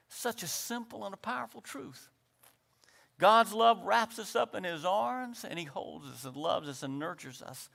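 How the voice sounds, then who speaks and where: Bright, high-voiced man preaching. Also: expressive, measured pace, gravelly. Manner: impassioned, swings from loud exhortation to quiet reflection; calls out "Amen" to the congregation. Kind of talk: sermon.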